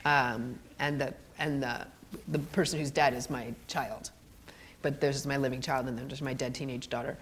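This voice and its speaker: An animated middle-aged woman, a guest actor telling stories on a college stage, laughing often. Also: extremely low pitch, moderate pace, slight background noise. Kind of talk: storytelling on a college stage interview.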